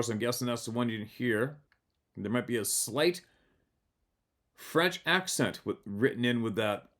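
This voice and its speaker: A male podcast host reading listener emails aloud, with relaxed, chatty asides between them. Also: medium pitch.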